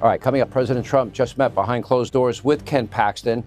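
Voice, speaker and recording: A man hosting a cable news show, introducing a guest in a brisk, sarcastic manner and rattling off lists. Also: mid-range voice, darkish tone. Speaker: TV news host. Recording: dry studio mic with faint music.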